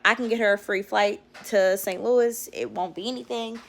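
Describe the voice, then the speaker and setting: A woman's voice: medium pitch, fairly even intonation, normal speed, gravelly, distant mic. A young woman talking casually and candidly to her phone camera at home, swearing freely as she tells a personal story. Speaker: vlogger.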